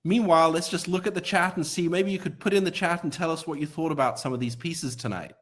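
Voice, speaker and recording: A man with a somewhat high voice hosts a live-streamed benefit gala. He sounds upbeat and fills the gaps with easy ad-libs. He moves the program along from guest to guest. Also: a bit bright. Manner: upbeat, ad-libbing through pauses. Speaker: event host.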